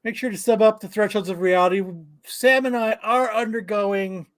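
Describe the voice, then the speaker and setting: A man's voice: high voice, steady tone, moderate pace, no echo. A man co-hosting a casual comic book podcast, reading news and joking with crude language. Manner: profane, joking, reads news aloud. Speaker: podcast co-host.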